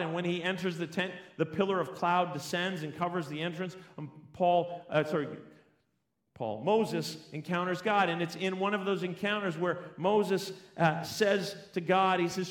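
High-voiced pastor preaching in echoey church. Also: male voice, steady tone. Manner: measured, emphatic preaching with rhetorical questions. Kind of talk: sermon.

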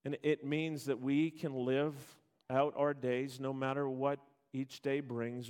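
A man preaching a sermon, reading scripture with rising intensity, then dropping to quiet, slow emphasis. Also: medium pitch, flat delivery, clear, resonant tone. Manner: builds to loud emphatic peaks, then drops quiet and slow. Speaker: pastor.

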